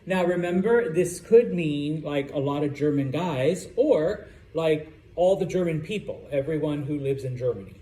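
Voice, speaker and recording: A man's voice: on the high side, animated, moderate pace, few pauses, dark tone. Man teaching in an echoey classroom. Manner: checks in with "okay?" after each point. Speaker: Spanish teacher. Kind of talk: classroom lecture. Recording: roomy classroom with faint background noise.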